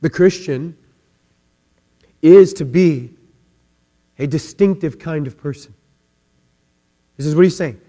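Man, sermon, slow measured preaching, shouts to hushes, long hall echo. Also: a little high. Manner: swings from impassioned shouting to hushed intensity. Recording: long reverb of a large hall.

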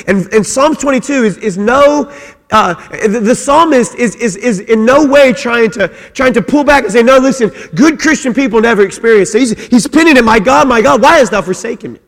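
A man's voice: very high voice, lively intonation, moderate pace, big-room sound. A man preaching a sermon as pastor, earnest and repeating words as he builds his points. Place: church.

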